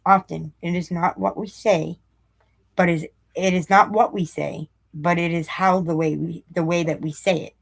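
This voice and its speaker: Gravelly low-voiced woman reading with sarcastic asides. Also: steady tone. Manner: sarcastic, blunt, rambling asides; slows and repeats lines for emphasis. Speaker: vlogger reading a daily recovery meditation. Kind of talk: reading aloud with blunt off-the-cuff commentary.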